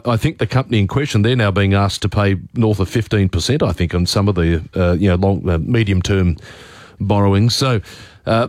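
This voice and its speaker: A man's voice: fairly low pitch, dry recording, clean studio sound. A man with an Australian accent hosting a talkback radio show, chatting conversationally with frequent fillers. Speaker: radio host.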